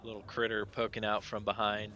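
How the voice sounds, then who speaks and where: A man narrating as game master in a relaxed, chatty way. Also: lowish voice, a little fast, crowd noise.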